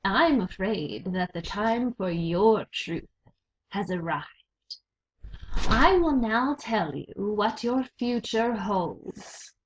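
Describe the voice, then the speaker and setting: A woman reading aloud voices a cruel, contemptuous male rat villain from a storybook, speaking slowly and coldly. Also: mid-range voice, expressive, a little hiss or hum. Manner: slow, cold, contemptuous. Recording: dull lo-fi recording.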